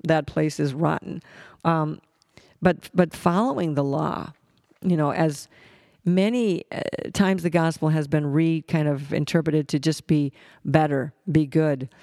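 Gravelly man teaching scripture. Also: on the high side, steady tone, darkish tone, no echo, studio quality. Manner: halting, with many restarts and fillers. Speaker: Bible teacher. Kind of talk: conversational Bible teaching.

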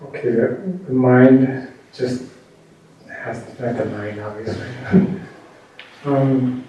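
A man asking a question of a teacher in a group, speaking haltingly with many pauses and fillers. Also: medium pitch, steady tone, mellow, dull audio. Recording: very echoey room, distant mic, faint room noise.

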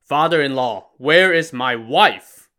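A man voicing a drunk, boastful male bandit chieftain with a loud, cocky, jovial manner. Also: mid-range voice, animated, measured pace.

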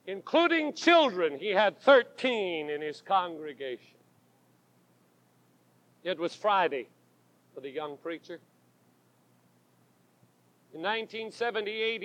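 A male pastor delivers a dramatic, rhythmic sermon, leaning into emphatic refrains. His voice sits unusually high and he takes it slowly, drawing out each phrase. It comes through a dull, lo-fi 1980s tape recording. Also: a bit bright, dry recording. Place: church pulpit.

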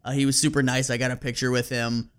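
A man hosting a podcast and telling a story in a loose, casual way. He laughs often, swears easily and leans on fillers. His voice sits at a middle pitch. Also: level tone, fast talker, a bit bright, clean tone.

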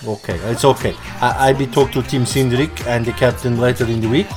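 Brash Russian-accented cabbie played by a man, broken English, loud hard-sell patter, comedy ad skit. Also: medium pitch, steady tone, a little fast, soft background music, close to an everyday voice. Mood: lecturing. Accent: put-on Russian. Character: boastful immigrant male cab driver, pushy and scolding.

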